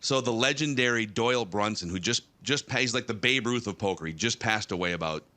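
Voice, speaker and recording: A man's voice: on the low side, a little fast, sharp tone. A man in his thirties, a guest telling a rambling story on a talk show with many restarts. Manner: rambling, with frequent restarts and fillers.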